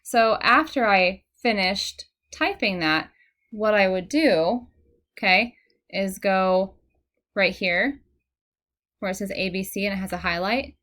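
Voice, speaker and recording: Young female teacher, mid-pitched, patient and encouraging, talks a student through sounds step by step. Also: takes it slowly, fairly bright tone. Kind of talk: one-on-one phonics lesson. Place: indoor room, recorded on a computer.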